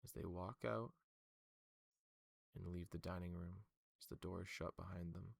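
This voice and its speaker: A man's voice: low voice, steady tone, moderate pace, creaky, breathy edge, no room sound. A man narrating as game master for a tabletop game, loose and full of fillers.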